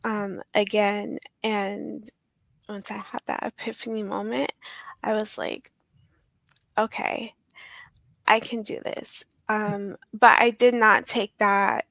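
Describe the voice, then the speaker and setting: A woman telling her personal story in an interview, hesitant, with many ums and pauses. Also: medium pitch, little pitch movement, gravelly, a bit bright, no room sound. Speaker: guest sharing her survival story.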